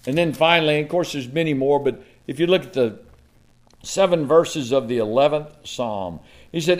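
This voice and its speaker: A man's voice: on the high side, normal speed. Dramatic male preacher reading scripture. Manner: King James scripture reading, dramatic swings from loud to hushed; folksy asides with chuckles. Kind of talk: sermon.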